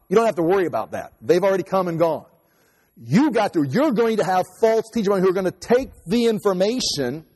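A man delivers a sermon in a fairly high voice with a loose, conversational manner and a self-mocking sense of humor. His words ring out with a long reverb, as if he is in a church hall. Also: darkish tone. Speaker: pastor.

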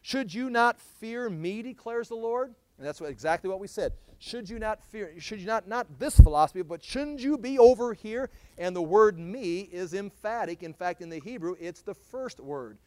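Guy preaching a sermon, fairly high voice, punches words hard, dry close sound. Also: animated, moderate pace, few pauses, no echo. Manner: emphatic preaching with sudden loud stresses and restarts. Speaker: pastor.

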